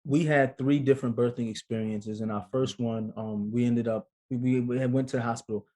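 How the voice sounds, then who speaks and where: Animated man telling a story. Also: medium pitch, a little fast. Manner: animated storyteller, acts out quotes. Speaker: guest, actor and father. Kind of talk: casual storytelling interview.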